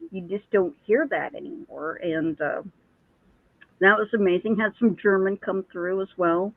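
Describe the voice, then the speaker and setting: A woman's voice: mid-range voice, unhurried, no room sound. A woman who is a psychic medium, chatting casually as a guest and telling stories with many restarts. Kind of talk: casual chat. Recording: tinny phone line, dry.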